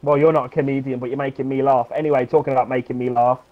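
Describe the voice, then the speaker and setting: A man co-commentating a sim race, chatty and giggly, getting excited when cars battle. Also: mid-range voice, racing, phone-quality sound.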